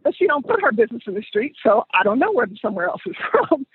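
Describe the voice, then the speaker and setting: Guy hosting a podcast, high husky voice, telling a story with lots of emphasis, sounds like a phone line. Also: sing-song, fast, dry recording. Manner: emphatic, repeats phrases for weight. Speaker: podcast host. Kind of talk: conversational storytelling.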